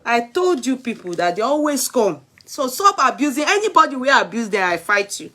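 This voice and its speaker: A woman's voice: on the high side, very animated, brisk, pushed and bright. A Nigerian woman vlogger chatting live with her viewers, exclamatory and switching between Pidgin and Yoruba. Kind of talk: live-stream chat with viewers.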